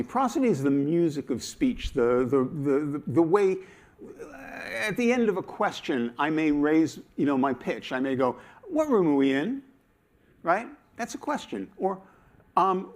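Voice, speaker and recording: A man giving a talk at a conference, animated and playful, acting out his examples as he explains them. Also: a little high, moderate pace. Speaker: conference speaker.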